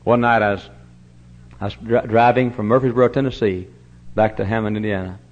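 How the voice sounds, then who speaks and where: An older man preaching a sermon in a church. He tells stories with big swings from loud to hushed. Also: lowish voice, steady tone, fairly quick. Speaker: pastor. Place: church sanctuary. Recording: dull, lo-fi church recording with faint hum.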